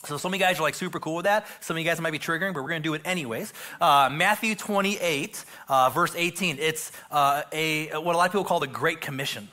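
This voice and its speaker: A middle-aged male pastor preaching a casual sermon, joking and filling pauses with restarts. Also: a little high, sharp tone. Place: church stage.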